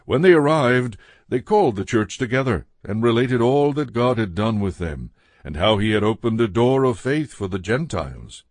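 A man giving a measured, steady reading of a Bible passage as scripted narration. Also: medium pitch, no echo, studio quality. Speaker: scripture reader.

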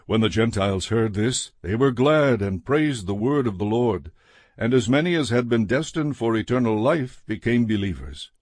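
A man giving a measured, steady reading of a Bible passage as scripted narration. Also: mid-range voice, no echo. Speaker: scripture reader.

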